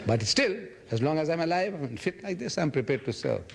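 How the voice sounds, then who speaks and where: A man in his seventies from Africa, answering audience questions in an animated lecture and acting out quoted dialogue. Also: fairly high pitch, brisk, gravelly, background noise. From South Africa. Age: 70s. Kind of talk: public lecture Q&A.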